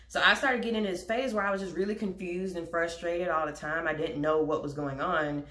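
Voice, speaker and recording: A woman's voice: fairly low pitch, steady tone, a little fast, hardly any pauses, fairly bright tone. A young adult woman telling a personal story in a candid, rambling vlog. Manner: candid, rambling, talks to her dogs between thoughts. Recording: echoey room.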